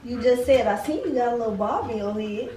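Young woman snapping back at her bf, kinda high but mellow voice, echoey room, away from the mic. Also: quick pace, far from the mic. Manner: blunt, dismissive comebacks. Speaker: vlogger's girlfriend. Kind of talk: casual couple chat.

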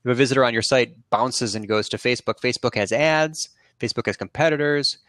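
A man guest explaining things confidently and briskly in a video chat interview. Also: medium pitch, a bit bright, dry recording. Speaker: guest expert. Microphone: video call.

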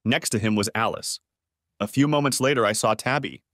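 A man's voice: medium pitch, a little fast, a bit bright, no room sound. A man narrating a first-person story in a scripted audiobook reading on a close mic.

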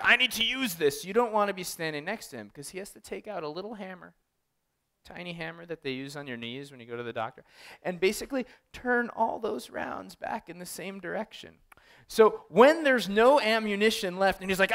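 A man giving a casual artist talk, telling animated, profane, wry stories to an audience, full of fillers. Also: a little high, smooth. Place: art gallery talk.

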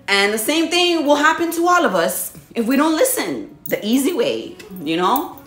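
Woman vlogger, casual spiritual storytelling, lively delivery, echoey room with faint music behind. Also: unhurried. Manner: animated storytelling, laughs often, acts out her own reactions in a high voice. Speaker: body contouring business owner. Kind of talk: casual spiritual vlog talk.

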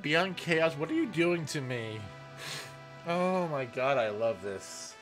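A man talks over his game in an excitable, laughing commentary, reading lines aloud as he goes. His voice sits a little high and swings widely in pitch, while he drawls along very slowly. Faint game music plays underneath. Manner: excitable, laughs often, reads dialogue aloud. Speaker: gaming let's player. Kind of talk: let's play commentary.

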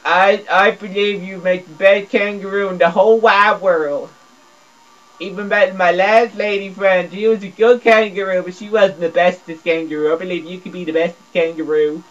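This man's intonation is fairly even and his speed normal as he gives comedic gameplay commentary, stammering and repeating words in dopey, broken grammar. He drops into a mumble, then jumps to a squeal, all on a dull lo-fi recording from a gameplay video creator.

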